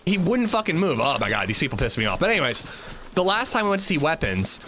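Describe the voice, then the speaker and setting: A man hosting a casual livestream, telling animated, profane stories while playing and chatting with viewers. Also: medium pitch, quick pace, a little hiss or hum. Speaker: livestream host.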